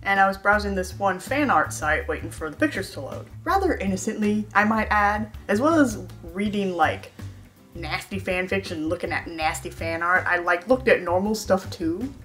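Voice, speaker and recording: A woman's voice: medium pitch, moderate pace, fairly bright tone, soft background music. A young woman vlogger telling a storytime tale in a sarcastic, self-mocking way. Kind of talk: storytime monologue.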